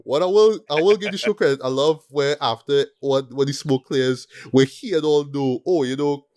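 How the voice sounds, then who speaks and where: A man hosting a casual movie review chat, animated and repeating himself with tag questions. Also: on the high side, moderate pace. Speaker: podcast host.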